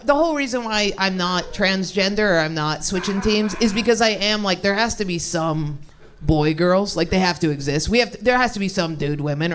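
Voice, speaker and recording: A woman's voice: medium pitch, a little hiss or hum. A young woman doing a stand-up set on a club stage, rambling and self-deprecating, laughing mid-sentence and losing her thread. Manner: loses her thread, many fillers and restarts. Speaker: stand-up comedian.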